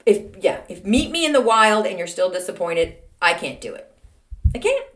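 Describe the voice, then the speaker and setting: A middle-aged woman hosting a solo podcast, chatting in a self-deprecating, animated storytelling way. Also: medium pitch, normal speed. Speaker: podcast host. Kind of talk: casual solo podcast monologue.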